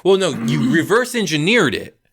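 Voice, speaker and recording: A man's voice: fairly high pitch, sing-song, moderate pace, a bit bright, slightly rough. A man co-hosting a casual podcast, talking through ideas with made-up examples. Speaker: podcast co-host.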